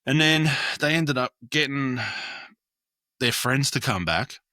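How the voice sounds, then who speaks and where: A man's voice: mid-range voice, expressive, slow pace, pushed and bright, no echo. A young Australian man telling long, rambling stories on a podcast, full of fillers and swearing. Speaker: podcast guest, graffiti artist. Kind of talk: casual storytelling chat.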